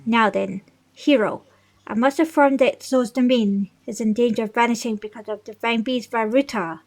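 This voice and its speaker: A woman's voice: on the high side, fairly even intonation, normal speed, close to an everyday voice. A woman voicing a stately old fish-folk king. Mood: earnest. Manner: formal, stately reading of game dialogue. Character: older male fish-folk king, regal and fatherly. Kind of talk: reading video game dialogue aloud.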